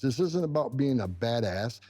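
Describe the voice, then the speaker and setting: A man's voice: medium pitch, expressive, normal speed, dark tone, soft background music. A middle-aged man from upstate New York, a former immigration enforcement director, giving intense, emotional interview answers and repeating himself when moved.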